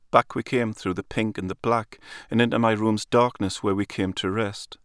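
A man reading a literary story aloud in a calm, measured storytelling manner. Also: lowish voice, clean tone, no echo, clean studio sound. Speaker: narrator. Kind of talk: literary audiobook narration.

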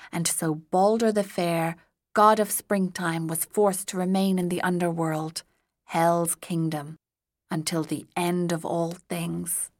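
A woman narrating an audiobook in a measured storytelling manner. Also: on the low side, dry recording, studio quality.

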